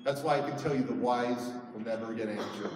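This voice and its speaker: A man's voice: mid-range voice, brisk, noisy background. A middle-aged man giving a personal storytelling speech at a conference, emotional, his voice rising sharply when he retells arguments. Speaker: conference speaker. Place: large conference hall. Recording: echoey hall, heard from far off.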